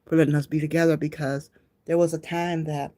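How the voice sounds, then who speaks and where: A woman from Detroit chats casually to her viewers. She speaks in a low, mellow voice and addresses them directly as she reminisces. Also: little pitch movement, brisk. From Detroit, Michigan. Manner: reminiscing, talks straight to viewers. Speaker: vlogger.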